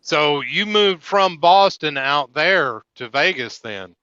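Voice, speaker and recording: A man's voice: fairly high pitch, expressive, takes it slowly, sharp tone, no echo, dull audio. A man with a Southern accent, a trucker chatting casually on a live stream and rambling with many fillers and restarts. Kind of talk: casual chat.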